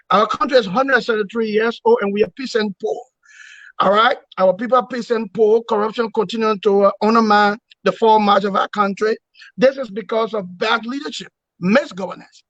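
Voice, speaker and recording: A man's voice: high-pitched, brisk, fairly bright tone, dry recording. A man leading an opposition movement, speaking in an interview with emphatic, repetitive oratory and rhetorical questions. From Liberia. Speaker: opposition movement leader, guest. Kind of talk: political interview. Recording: dull, dry lo-fi sound.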